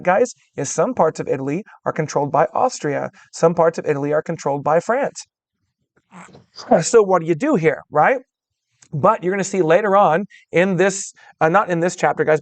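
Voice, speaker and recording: A man with a fairly high voice gives a history lesson straight into a close microphone, so the sound is dry with no room echo. He talks to students in a casual way, calls them "guys" and keeps asking "all right?". Now and then he puts on a quick voice for the people he is describing. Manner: acts out voices of historical groups in quotes. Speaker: history teacher. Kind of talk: recorded classroom lecture.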